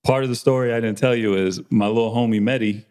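A man's voice: mid-range voice, fairly even intonation, fast talker, a little mellow, clean tone. A man telling a barbershop story in casual chat, acting out the dialogue and swearing freely. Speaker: barber and podcast host.

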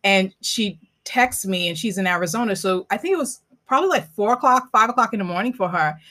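Hosting a relaxed interview-style podcast, this woman tells lively stories packed with fillers. She has a medium-pitched, sharp-toned voice, animated and a little fast.

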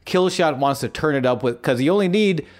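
A man co-hosting a casual wrestling podcast, excitable and profane, telling stories with self-mocking flair. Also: fairly high pitch, fairly quick. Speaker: podcast co-host.

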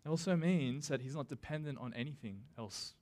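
Man, pastor, sermon, casual and conversational, middle pitch, dramatic slow emphasis on quotes. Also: a little mellow. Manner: casual and conversational, with self-deprecating asides.

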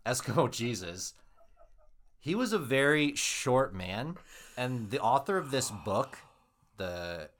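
A man's voice: mid-range voice, very animated, slow pace, a bit bright. A man hosting a podcast, telling a true story casually with wry joking asides.

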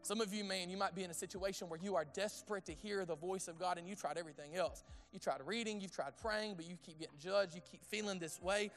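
A man preaching a sermon in a conversational way, asking the audience questions and dropping to a hushed tone on intimate points. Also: high voice, quick pace, hardly any pauses, soft background music. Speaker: pastor.

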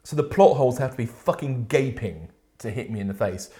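A British man co-hosting a chatty podcast, blunt and full of swearing, with a voice of ordinary middle pitch. He talks emphatically and with plenty of conviction. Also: expressive, brisk, warm tone. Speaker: podcast co-host. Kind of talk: casual chat.

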